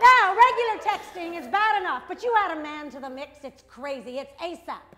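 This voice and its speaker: A woman's voice: very high-pitched, brisk, sharp tone, a faint crowd. A middle-aged woman doing a stand-up comedy routine, wry and self-mocking, with sudden exasperated bursts.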